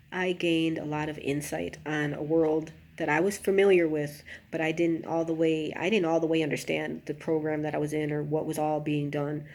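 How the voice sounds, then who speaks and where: A woman telling personal stories in a confessional vlog, talking straight to her viewers with many asides and turning emotional. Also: low voice. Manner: emotional, rising to an anguished near-shout, then subdued. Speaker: vlogger.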